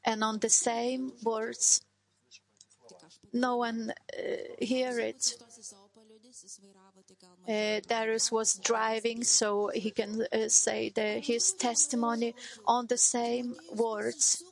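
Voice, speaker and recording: A middle-aged woman giving a personal testimony as a mother, speaking halting, non-native English with many hesitations and restarts. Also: fairly high pitch, level tone, vocal fry, rough recording.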